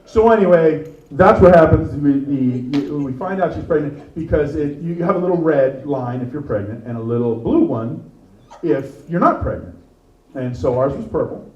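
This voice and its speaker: Middle-aged male comic, lively crowd-teasing delivery; slightly high voice, distant in an echoey venue. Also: normal speed, highs cut off. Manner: animated, jokey, teasing the crowd. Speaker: stand-up comedian. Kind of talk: stand-up comedy set. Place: comedy venue with live audience. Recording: echoey room, mic far off.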